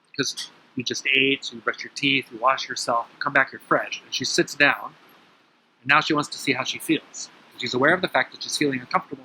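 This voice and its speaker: A man with a very bright, forceful voice tells a story in conversation and acts out the back-and-forth dialogue. He is outdoors, with faint ambient noise behind him. His pitch sits in the middle range. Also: poor audio. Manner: animated, acts out quoted dialogue. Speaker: interview guest. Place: outdoor terrace at his home.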